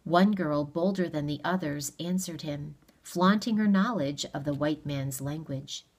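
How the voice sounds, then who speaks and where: A woman audiobook reader narrates a novel aloud in a steady, measured storytelling manner, her voice low.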